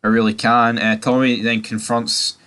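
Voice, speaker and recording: A man's voice: medium pitch, little pitch movement, moderate pace, bright, forceful tone, clear, resonant tone. A man giving a casual, profanity-heavy TV recap, opinionated and mocking. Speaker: TV series recapper.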